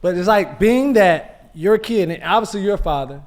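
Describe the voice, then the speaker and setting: A man's voice: sits high, expressive, normal speed. A man co-hosting a podcast, retelling stories casually and with animation. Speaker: podcast co-host. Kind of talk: casual sports talk.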